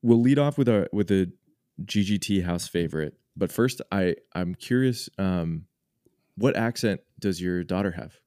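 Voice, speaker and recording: Deep-voiced male podcast co-host. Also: a little slow, mellow, dry recording, studio quality. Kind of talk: casual interview chat.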